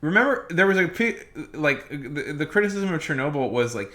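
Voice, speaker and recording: A man livestreams rambling, casual commentary in a fairly high, pushed, bright voice, talking a little fast with hardly any pauses. He's emphatic, says things again and again, and restarts often.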